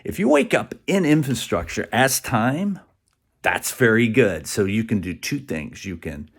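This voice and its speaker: A man talking in a rambling, animated monologue, acting out quoted voices and dropping now and then to a whisper. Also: fairly low pitch, measured pace, slightly rough.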